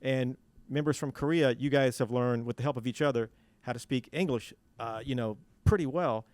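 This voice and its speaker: A man's voice: medium pitch, fairly quick, darkish tone, smooth, no echo. A man hosting a radio interview, chatting casually and laughing, asking long rambling questions. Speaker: radio host. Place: radio studio.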